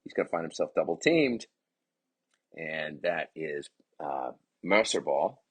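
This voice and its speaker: Excitable man calling a water polo game. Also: extremely low pitch, measured pace, breathy edge. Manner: excitable, chatty, rambling asides. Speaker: parent commentator. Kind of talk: play-by-play commentary.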